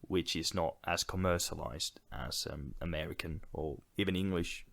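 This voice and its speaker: A male podcast co-host with a low, gravelly, slightly bright voice talks about a film at a moderate pace. The casual conversation is loose and full of fillers, especially "like" and "yeah."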